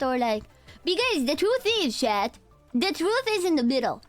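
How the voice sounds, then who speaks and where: A woman's voice: fairly high pitch, moderate pace, faint music behind. A woman in her twenties with a nasal voice, a VTuber chatting casually and directly with her live-stream chat. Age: 20s. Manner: chatty, talks straight to her chat, drifts between tired and energetic.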